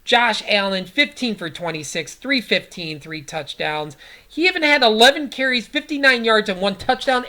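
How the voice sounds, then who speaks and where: A woman's voice: a little high, lively intonation, normal speed, sharp tone. A woman around forty, hosting a casual sports podcast and recapping football in a rambling way, full of fillers.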